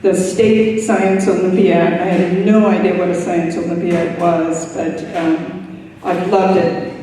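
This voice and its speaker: An older woman speaks slowly at her retirement party, grateful and close to tears, with frequent halting pauses. Her voice comes from some distance away. A long echo trails it through a large hall. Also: lowish voice, little pitch movement, warm tone, slight background noise. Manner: emotional, grateful, slow and halting with many pauses. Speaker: retiree giving a farewell speech. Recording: echoey hall from far off.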